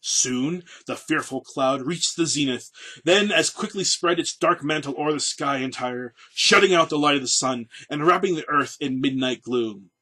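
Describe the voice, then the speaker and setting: Man reading as a defiant tribal chief, slow solemn oration, bright husky voice. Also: on the high side. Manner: slow solemn oratory, rising to loud peaks.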